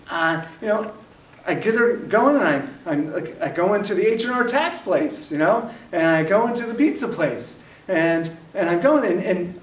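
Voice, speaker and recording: A man telling a personal story to a live workshop audience, animated and self-mocking. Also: high voice, moderate pace. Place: library workshop room. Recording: echoey room, distant mic, faint noise.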